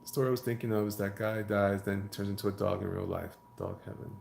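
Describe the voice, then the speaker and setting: A comic artist live-streams while drawing, chatting casually in a lowish, steady, slightly mellow voice with vocal fry and a quick pace. He rambles, jokes, and reads viewer comments aloud to riff on them. The room is echoey, with a little hiss or hum.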